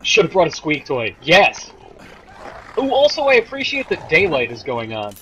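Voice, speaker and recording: A man's voice: fairly high pitch, huge pitch swings, normal speed, fairly bright tone, lo-fi sound, slight background noise. A man casually commenting while he streams a video game, joking and chatting with viewers. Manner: joking, sarcastic, talks to chat viewers.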